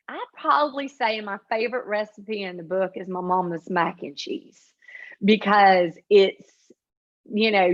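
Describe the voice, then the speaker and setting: A woman's voice: mid-range voice, a bit bright. Nasal upstate Carolina woman, dull audio. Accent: upstate South Carolina Appalachian. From upstate South Carolina. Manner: chatty, many fillers and restarts. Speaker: author and comedy creator. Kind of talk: interview answers.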